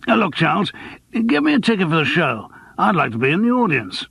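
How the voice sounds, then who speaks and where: A worldly lawyer with a gravelly edge, as a male audiobook narrator puts him on, teasing and wry. His voice swings lively up and down, a little higher than the narrator's own. The sound is dry and close. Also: brisk, no echo, full character voice. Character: Gerald, worldly male lawyer, old friend. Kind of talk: audiobook character voice.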